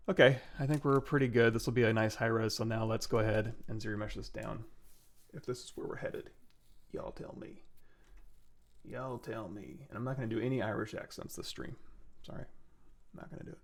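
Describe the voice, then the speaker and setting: Relaxed gravelly man narrating a tutorial. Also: medium pitch, fast. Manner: relaxed, talks through steps while working, self-corrects. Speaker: 3D sculpting livestream host. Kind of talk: casual software tutorial narration.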